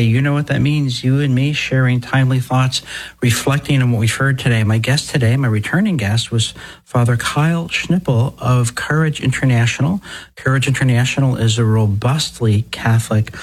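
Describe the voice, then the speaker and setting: A man, a priest hosting a radio talk show, speaking in a deliberate, wry and emphatic way, slowing down to stress key words. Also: mid-range voice, low-quality recording. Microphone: studio microphone.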